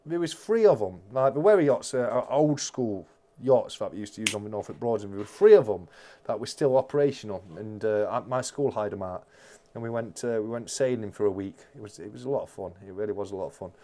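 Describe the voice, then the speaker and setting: A fairly low-pitched man talks through viewer comments on a live stream. He rambles, restarts his sentences and keeps the chat light. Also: fast, mellow. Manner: chatty, rambling with many restarts.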